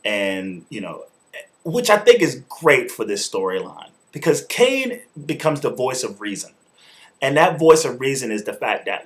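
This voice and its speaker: A man's voice: mid-range voice, sing-song, unhurried. A man hosting his own video show, giving a loose, informal spoken review in casual slang with some swearing. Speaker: show host and wrestling reviewer. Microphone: camera mic, talking to camera.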